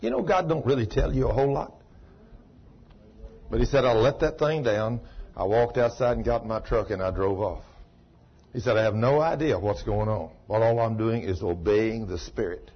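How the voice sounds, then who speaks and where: A man preaching a sermon, telling a long story. He swings from ecstatic shouts down to a low, chatty retelling. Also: moderate pace, husky. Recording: dull lo-fi recording.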